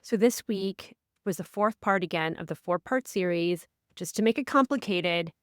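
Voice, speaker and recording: A woman co-hosting a casual podcast, a life coach who tells stories with lively, acted-out quotes. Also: moderate pace, no room sound, studio quality. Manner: animated storyteller, acts out quotes with big pitch swings.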